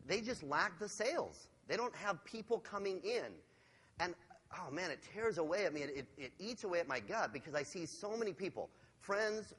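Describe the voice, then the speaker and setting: A sales trainer giving a motivational seminar talk to a live audience, energetic and asking the audience questions. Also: male voice, high-pitched, breathy edge. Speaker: sales trainer and keynote speaker. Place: large hall with a live audience. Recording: long hall reverb.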